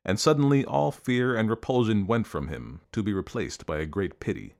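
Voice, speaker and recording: A man narrating an audiobook in a measured, expressive storytelling manner. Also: on the low side, creaky.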